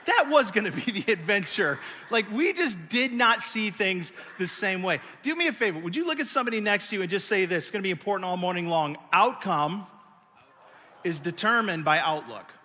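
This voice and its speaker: A middle-aged male pastor with a high, bright voice, preaching to a large congregation. He tells stories with animated, self-mocking energy, acting out his own frustrations. The sound rings with the long reverb of a big church hall. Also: brisk. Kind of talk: sermon.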